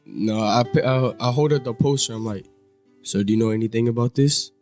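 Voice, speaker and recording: A man's voice: mid-range voice, fairly quick, darkish tone, faint music behind. Laid-back man playing a tabletop game. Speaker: player. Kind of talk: tabletop play, in character.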